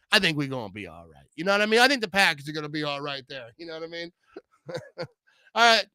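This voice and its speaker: Young man, sports show host, hyped and slangy, fairly high pitch, dry close sound. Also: brisk, dry recording. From Wisconsin. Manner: excitable, slangy, says "bro" and "you know what I mean" a lot. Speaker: show host reading fan messages. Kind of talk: casual sports talk show.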